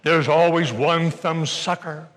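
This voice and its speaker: An older man giving an energetic, joking motivational seminar talk to a live audience in a large hall, bursting into shouts as he tells stories. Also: on the high side, slow pace. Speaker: motivational speaker.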